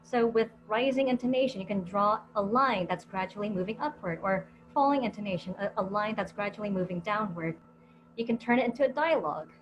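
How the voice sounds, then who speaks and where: A woman's voice: medium pitch, a little fast, highs cut off. A woman ESL teacher on a discussion panel, explaining her classroom exercises step by step with frequent fillers. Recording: audible background noise.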